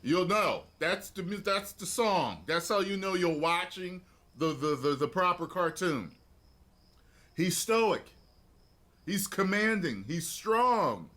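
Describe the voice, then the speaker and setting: A man giving a casual opinion monologue, animated and full of repeated fillers. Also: high-pitched. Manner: animated, repeats "you know what I'm saying". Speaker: commentator in a played clip.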